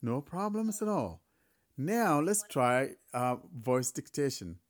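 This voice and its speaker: A man's voice: medium pitch, slow pace. Chatty man demoing a phone. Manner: relaxed, chatty, laughs at mishaps. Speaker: host recording a tech demo. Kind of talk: casual spoken tech demonstration.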